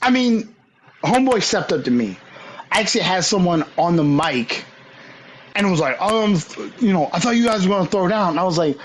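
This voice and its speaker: A man's voice: high-pitched, animated, normal speed, a little hiss or hum, low-quality recording. A young man streaming a game, telling a story in a heated, profane, ranting way. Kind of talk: casual storytelling while gaming.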